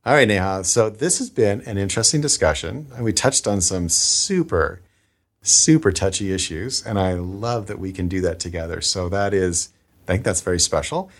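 A man's voice: sits low, moderate pace. A man hosting a podcast, talking casually and with enthusiasm, using lots of fillers. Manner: enthusiastic, upbeat, with frequent fillers. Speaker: podcast host. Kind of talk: casual conversation.

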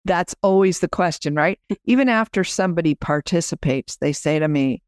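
A woman's voice: on the low side, expressive, a little slow, no room sound, studio quality. A woman podcast host and business coach, chatting as she explains her program and guides listeners through an exercise.

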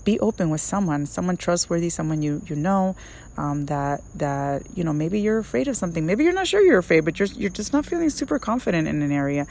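A woman's voice: fairly low pitch, big pitch swings, a little fast, darkish tone. Chatty woman, earnest faith talk. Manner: earnest and chatty, full of fillers and restarts. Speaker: podcast host.

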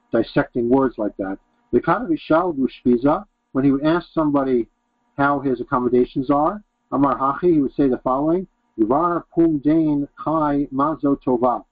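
A man's voice: mid-range voice, no echo. A man reading aloud from a text and translating it phrase by phrase as he teaches. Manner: reads Aramaic phrases then translates them in short bursts. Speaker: Talmud teacher. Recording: dry, tinny phone-like sound.

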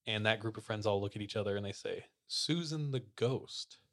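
A man hosting a podcast, casually retelling a listener's ghost story to his co-hosts in a relaxed, slangy way. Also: on the low side, fast. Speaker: podcast host.

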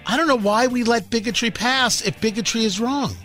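A man's voice: extremely high pitch, fairly quick, a bit bright, soft background music. A male talk radio host delivering a combative, ranting opinion monologue, often stumbling and repeating words.

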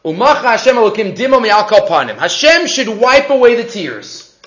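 Animated high-voiced man teaching Torah. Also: moderate pace, reverberant, dull audio. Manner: animated, asks many rhetorical questions. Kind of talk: weekly Torah class lecture.

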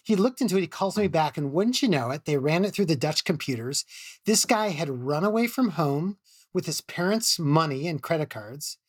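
A man's voice: a little high, animated, normal speed, no room sound, studio quality. A middle-aged man, an emergency physician, telling a story casually with many restarts and laughs.

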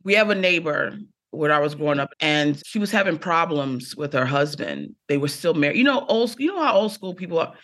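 Woman, bright voice, theatrical storyteller, casual chat. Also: low voice, expressive, brisk, few pauses. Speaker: guest comedian.

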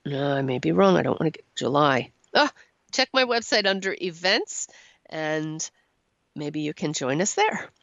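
A middle-aged woman hosting a call-in radio show, encouraging and quick to laugh. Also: low-pitched, lively intonation, gravelly, dry recording, dull audio. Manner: warm-voiced, encouraging, laughs often. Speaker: radio show host and channeler. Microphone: studio microphone.

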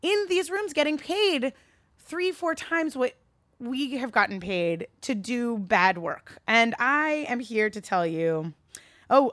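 A woman giving a candid, animated talk to a live audience, swearing freely and rising into a high register when worked up. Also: dry recording. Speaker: speaker addressing a live audience.

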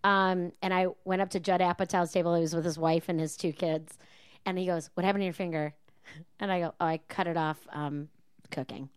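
A woman guest on a podcast telling restaurant stories in a lively, laughing way and mimicking customers' voices. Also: lowish voice, brisk, smooth, no room sound, studio quality. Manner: animated storyteller, mimics customers, laughs often. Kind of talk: casual chat.

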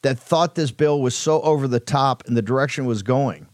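A man's voice: mid-range voice, brisk, a little mellow, no room sound, studio quality. A man hosting a political talk show, delivering a combative, rambling monologue full of emphatic repetition. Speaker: host.

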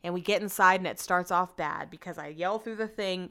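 Woman podcast host, smooth voice, sarcastic chatty storyteller who swears a lot. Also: lowish voice, brisk, few pauses, a bit bright.

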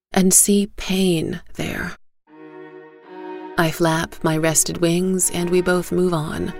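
Slow, gravelly-voiced woman storyteller. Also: on the low side. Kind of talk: first-person story narration.

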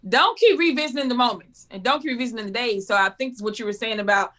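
A woman in her forties with a high and bright, forceful voice, chatting as a guest in a casual interview. She talks with energy and leaps higher whenever she quotes someone. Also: quick pace. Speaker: guest, teacher and speaker.

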